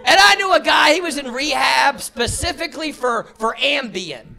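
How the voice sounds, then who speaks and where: High-voiced, gravelly stand-up comic man. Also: expressive, normal speed. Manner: shouty, voices characters in high squeals. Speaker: stand-up comedian. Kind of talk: stand-up comedy set. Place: comedy club stage before a laughing crowd. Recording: live club recording with crowd noise. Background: audience laughter.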